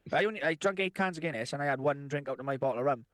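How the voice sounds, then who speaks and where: A man's voice: on the high side, racing, a bit bright, dry recording. A man co-hosting a podcast, telling crude stories with lots of swearing, laughing and acted-out quotes. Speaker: podcast co-host. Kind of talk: crude casual storytelling.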